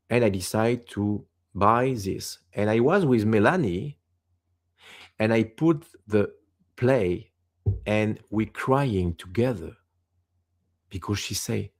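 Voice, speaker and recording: A man in his fifties from France, a native French speaker with a Quebec French accent, talking as an interview guest in halting English and searching for words. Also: lowish voice. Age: 50s. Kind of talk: casual interview talk.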